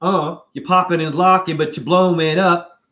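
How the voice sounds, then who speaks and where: A man hosting a spiritual video, rambling in an erratic, free-associating monologue with shouted asides. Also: sits high, steady tone, normal speed.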